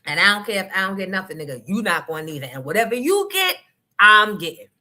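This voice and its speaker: Woman, talk show host, blunt, profane, emphatic, bright voice. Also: mid-range voice, sing-song, quick pace. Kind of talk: casual livestream rant.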